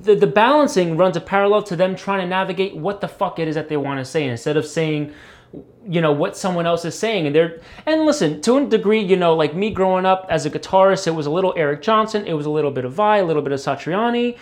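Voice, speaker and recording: A man's voice: sits high, fast. A man, a guitarist guest, talking loosely with many fillers and the odd curse. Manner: rambling, many fillers, swears. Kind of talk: casual interview talk.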